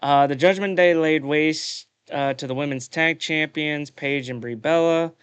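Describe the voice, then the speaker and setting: Blunt, profane man with a smooth voice. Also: on the high side, measured pace, dry recording. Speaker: podcast co-host. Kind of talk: casual wrestling recap chat.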